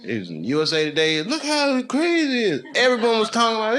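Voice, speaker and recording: A middle-aged man doing a stand-up routine, telling stories in a profane, animated way and slipping into mock voices. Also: sits high, fast talker. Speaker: stand-up comedian. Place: comedy club stage with a laughing audience. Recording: loud audience noise, live club recording.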